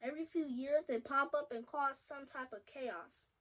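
A woman's voice: high voice, fairly even intonation, normal speed, low-quality recording. A woman voicing a kind, motherly female butterfly in a children's storybook, soothing and affectionate. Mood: emphatic. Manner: warm, soothing, calls people child and sweetheart.

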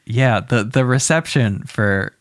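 A man's voice: medium pitch, takes it slowly. A man co-hosting a comedy podcast, animatedly retelling a story and acting out the characters. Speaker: podcast co-host.

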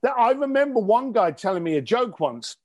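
A man from East tells stories bluntly and cheekily, swearing freely. His voice sits high, and his pitch leaps around with animated energy. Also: a little fast. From East London. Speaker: interview guest. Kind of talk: casual storytelling interview.

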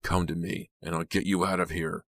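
A man voicing a tense young man in a storybook, speaking low with tight urgency. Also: flat delivery, brisk, dry recording, close to an everyday voice. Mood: urgent.

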